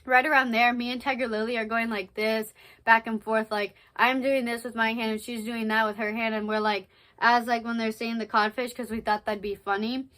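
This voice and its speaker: A woman's voice: on the high side, little pitch movement, fairly quick, a bit bright, rough recording. A woman vlogging casually at home, rambling with lots of fillers as she moves around and sometimes steps away from the camera. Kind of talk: casual vlog chat. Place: at home by a Christmas tree.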